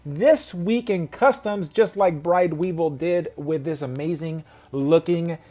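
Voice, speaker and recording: A man's voice: a little high, slow, mellow. A man hosting a casual video about custom action figures, rambling and correcting himself as he goes. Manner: rambling, self-correcting, chatty.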